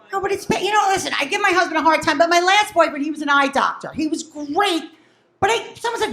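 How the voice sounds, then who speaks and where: A woman's voice: sits high, animated, fast talker, a bit bright. A woman doing a brash, profane stand-up set, acting out her family. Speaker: stand-up comedian. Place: comedy club. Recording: echoey club room.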